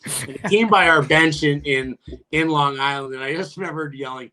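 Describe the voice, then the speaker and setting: Brief: male podcast guest, ex-athlete, bright, somewhat high voice, profane and laughing. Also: normal speed. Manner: profane, laughing storyteller with many restarts; jumps much higher when quoting his own taunts. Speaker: guest, retired hockey player. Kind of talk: casual podcast storytelling.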